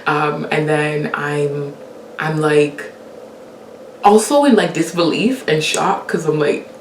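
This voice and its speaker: A young woman telling a casual personal story as host, animated and laughing often as she acts out the lines she quotes. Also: sits low, slow pace, roomy sound, far from the mic, slight background noise.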